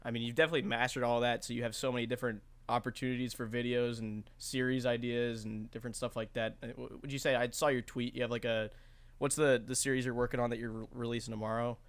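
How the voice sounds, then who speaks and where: A man's voice: mid-range voice, little pitch movement, fast, clear, resonant tone. A young man hosting a podcast, chatty, full of fillers, who laughs easily. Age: young adult. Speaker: podcast host. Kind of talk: casual podcast interview.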